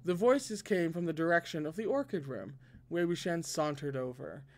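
A man reading a novel aloud expressively, now and then breaking in with excited asides. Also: fairly high pitch, normal speed. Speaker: podcast reader.

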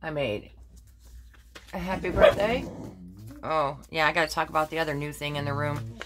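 A woman's voice: low-pitched, normal speed, heavy background noise. An older woman chatting casually in a crafting vlog, rambling through her projects with many fillers and self-corrections. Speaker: crafting vlogger. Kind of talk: casual show-and-tell chat.

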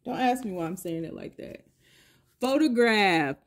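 Pulling cards for a collective tarot reading, this middle-aged woman muses out loud and keeps repeating her questions to the universe. Her voice sits in the mid-range, animated but a little slow.

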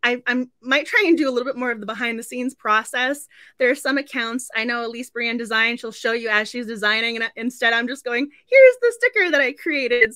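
Bright high-voiced chatty woman host. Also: no room sound, studio quality. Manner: chatty and effusive, laughs often. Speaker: book club host. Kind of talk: casual live-stream chat.

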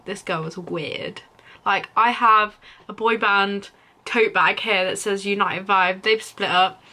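A woman's voice: medium pitch, bright, forceful tone. A young woman giggling through self-mocking commentary on an old video of herself. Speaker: YouTuber.

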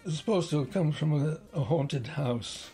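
A man in his nineties recalling his life in an unhurried interview, often pausing with "uh". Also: fairly high pitch, warm tone, soft background music. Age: 90s. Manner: unhurried storytelling, frequent pauses with "uh". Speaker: interviewee, retired scientist and magician. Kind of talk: reminiscing interview.

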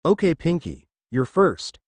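A man's voice: fairly high pitch, big pitch swings, a little slow, dry recording, voice pushed up. A man voicing an aloof, offhand adult male ninja teacher in a read-aloud fan story.

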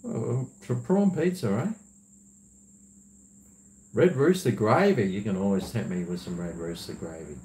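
A man's voice: lowish voice, moderate pace, long pauses, dark tone. A man who hosts a livestream, chatting casually, rambling and laughing as he reads viewer messages. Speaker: livestream host. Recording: roomy echo.

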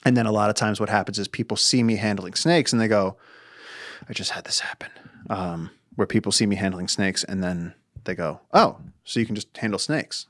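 A man in his thirties, a podcast guest, telling stories in casual chat, animated and acting out what people say, with casual swearing. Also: on the low side, fairly quick, no room sound, clean studio sound. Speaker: podcast guest, wildlife conservationist.

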